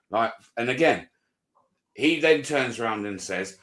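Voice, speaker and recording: A British man telling a story in casual live chat, animated and swearing a lot as he recounts it. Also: medium pitch, a little slow. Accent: British English. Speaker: auditor streamer. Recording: roomy echo.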